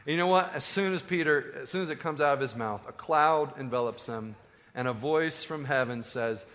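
A pastor preaches an animated, conversational sermon with joking asides in a hall that has long reverb. His voice is mid-range and his speed normal.

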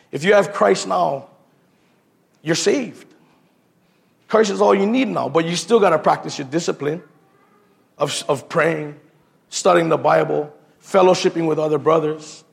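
Gravelly man preaching casually. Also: fairly high pitch. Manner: casual, slangy, repeats himself, calls listeners bro. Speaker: lay preacher. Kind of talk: informal sermon with personal stories.

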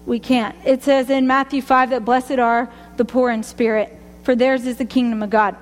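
A woman's voice: on the high side, flat delivery, moderate pace, in a large hall, faint music behind. A woman sharing a personal faith testimony, rambling and chatty, often laughing at herself. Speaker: speaker giving a testimony.

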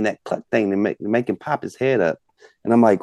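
A man's voice: on the low side, fast, a little mellow, dry recording. A man telling a rambling, folksy hunting story as a podcast guest. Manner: folksy, rambling, many fillers. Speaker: guest hunter. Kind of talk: casual storytelling.

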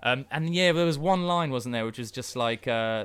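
A man's voice: medium pitch, moderate pace, a bit bright, clean tone. A man in casual podcast chat, rambling with many fillers and frequent laughs. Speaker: podcast co-host, battle rapper.

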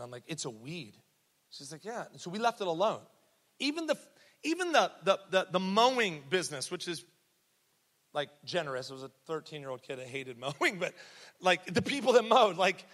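In a church sanctuary full of long hall reverb, a young pastor with a high, slightly bright voice preaches through a handheld or headset mic. His sermon is conversational storytelling, laced with jokes, laughs and asides to the crowd.

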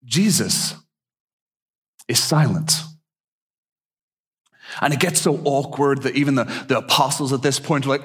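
A man preaching a sermon, telling stories and acting out the people in them with lively swings of voice. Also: medium pitch, measured pace, pauses often, husky. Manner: animated storyteller who acts out the people in his stories. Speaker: pastor.

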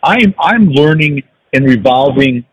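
Older man, husky reflective storyteller. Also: mid-range voice, expressive, a little slow, dry recording, low-quality recording. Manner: reflective storytelling with frequent restarts. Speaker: podcast guest, sales professional. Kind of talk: casual podcast conversation.

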